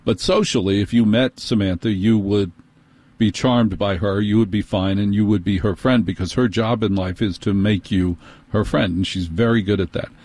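A middle-aged man telling an exasperated comic story in a fast, animated monologue. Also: lowish voice, no room sound.

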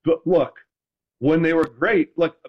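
A man's voice: on the high side, fairly even intonation, a little slow, breathy edge, highs cut off. A man who is a former quarterback, chatting casually in an interview and acting out his old exchanges with referees.

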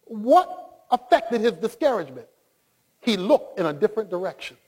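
A male preacher delivering an impassioned sermon that often rises to shouting. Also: high voice, big pitch swings, normal speed, slightly rough.

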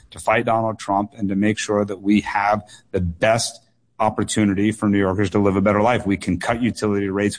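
A man in his thirties, a political candidate answering questions on a radio call-in show, earnest and repeating words for emphasis. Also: fairly low pitch. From United States.

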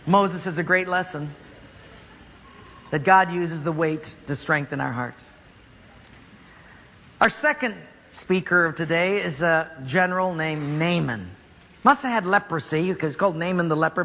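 A man preaching a storytelling sermon, animated and joking as he acts out scenes. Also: fairly high pitch. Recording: long hall reverb.

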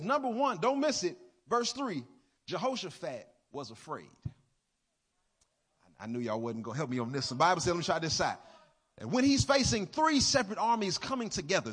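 High husky preacher man. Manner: builds from quiet talk to loud shouted preaching with sing-song cadence. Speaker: pastor. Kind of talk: sermon. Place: church sanctuary.

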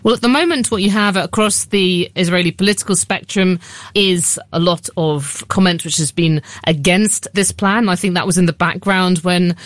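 A woman reporting as a Middle East news correspondent, speaking in a measured, analytical way with occasional fillers. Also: on the low side, no echo, clean studio sound.

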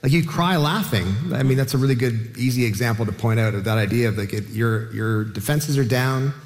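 A man on a comedy panel talks quickly, cracking jokes while he makes his points. His middle-pitched voice rushes along, and the recording has a long hall-like reverb. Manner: quick and joking. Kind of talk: panel discussion.

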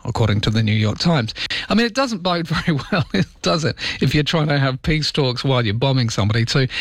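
A man's voice: medium pitch, no room sound. A man hosting a morning show, talking casually with wry, mock-dramatic asides. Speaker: show host.

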